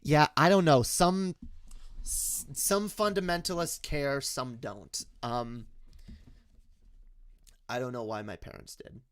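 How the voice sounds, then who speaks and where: A man's voice: mid-range voice, slow, long pauses, no room sound. A man hosting a livestream, chatting casually and reading chat, with rambling speech full of restarts. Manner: rambling, lots of fillers and restarts, laughs often.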